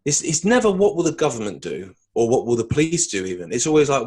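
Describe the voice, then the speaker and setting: A man's voice: mid-range voice, sing-song, fast talker, darkish tone, husky. A man from the UK, a guest in a casual interview chat, speaking bluntly and plainly.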